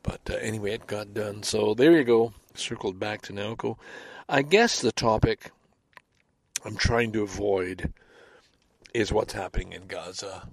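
A man's voice: fairly low pitch, unhurried, dry recording. A man from Canada hosting a podcast, talking alone in a casual, rambling and candid way with frequent restarts and the odd swear word. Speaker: podcast host. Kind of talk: casual solo monologue.

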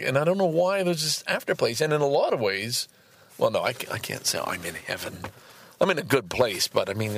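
A man reading a book aloud and commenting on it, breaking into exasperated, swearing outbursts between calm passages. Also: mid-range voice, gravelly, breathy edge, no room sound. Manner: swears often.

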